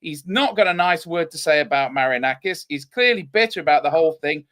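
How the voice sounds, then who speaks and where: Bright-toned football fan guy, high voice, rambles and restarts a lot. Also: lively intonation, brisk. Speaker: fan channel co-host. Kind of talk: casual football fan chat.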